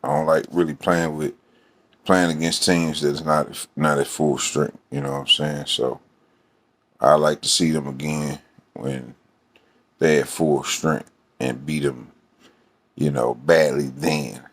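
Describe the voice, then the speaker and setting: A man's voice: very deep voice, fairly even intonation, a little slow, pauses often. A man ranting casually about his team, rambling and profane, with many fillers. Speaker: sports fan vlogger. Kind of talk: casual fan rant.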